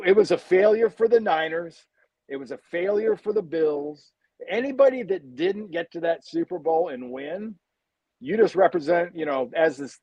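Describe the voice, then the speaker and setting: A man's voice: fairly high pitch, a little mellow, slightly rough, no echo, dull audio. A man in his sixties, a former football player guesting on a talk show, telling blunt, candid stories. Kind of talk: casual interview chat.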